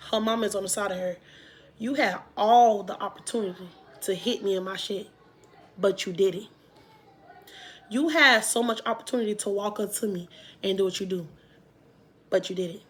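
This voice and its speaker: A woman vlogger telling a storytime to her viewers in a casual, animated way, with emphatic loud bursts. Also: medium pitch, normal speed, long pauses.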